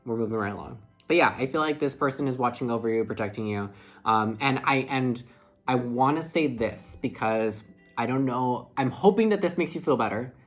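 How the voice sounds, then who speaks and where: Male tarot reader, tired, casual and earnest, lots of fillers, middle pitch. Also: lively intonation, moderate pace, faint music behind. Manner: chatty, filler-heavy, heartfelt. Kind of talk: casual tarot reading monologue. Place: indoors under a ring light.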